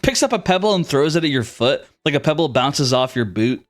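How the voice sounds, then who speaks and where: A man's voice: on the high side, lively intonation, brisk, few pauses. A man acting as game master who narrates a tabletop game in a rambling way, full of fillers and restarts.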